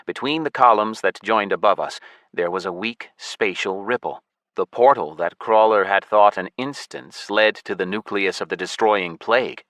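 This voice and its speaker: A man narrating a science fiction audiobook in the first person with a steady, even delivery. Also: on the low side, normal speed, no room sound.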